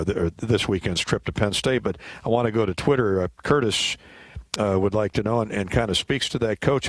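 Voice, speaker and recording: A man hosting a sports radio show speaks in a low voice, close to the mic in a dry, deadened studio. He chats along in a halting way, pausing often on "uh" before he lands his questions. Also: no echo. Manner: chatty, halting, with frequent fillers. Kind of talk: casual radio interview.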